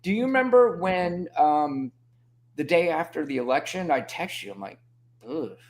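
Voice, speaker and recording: A man's voice: fairly high pitch, animated, normal speed. Teasing, profane male host. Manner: teasing, profane, loose and conversational. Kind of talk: casual political chat.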